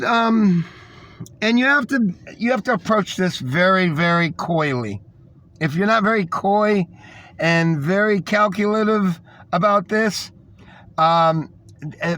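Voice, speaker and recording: A man's voice: high voice, measured pace, fairly bright tone. A man delivering a rambling, scornful monologue, repeating himself as he tells a story. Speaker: podcast host. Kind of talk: ranting monologue.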